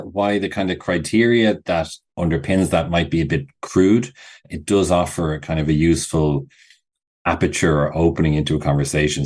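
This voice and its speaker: A middle-aged man with a remarkably low voice, slightly husky at the edges. He explains his points thoughtfully as a podcast guest, circling back and restarting phrases as he goes. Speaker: guest, associate professor. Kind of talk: podcast interview.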